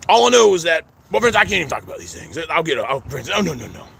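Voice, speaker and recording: Out at a cemetery, a middle-aged vlogger rambles and stammers, restarting sentences and repeating "friends" to his viewers again and again. His voice is fairly high and a bit bright, very animated and fast, with vocal fry, and there's a little hiss or hum.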